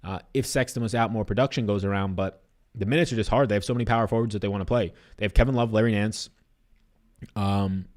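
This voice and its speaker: Fast-talking young man hosting a betting stream. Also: on the low side. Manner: fast, animated, loose and profane. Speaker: sports betting livestream host. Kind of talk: casual livestream chat reading viewer comments.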